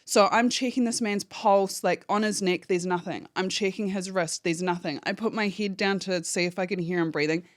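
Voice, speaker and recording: A woman's voice: medium pitch, steady tone, normal speed, few pauses, no echo. A woman tells her story as a podcast guest. She is candid and swears freely, and she acts out the phone calls in quotes. Her voice sits in a middle range and is recorded close and dry. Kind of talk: emotional personal account.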